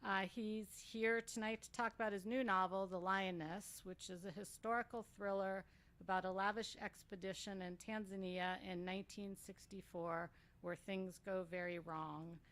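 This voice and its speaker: A woman at mid pitch hosts a bookstore author event. She gives the announcements and introductions casually, with hesitant fillers. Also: steady tone, moderate pace, a bit bright. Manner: friendly, informal with fillers.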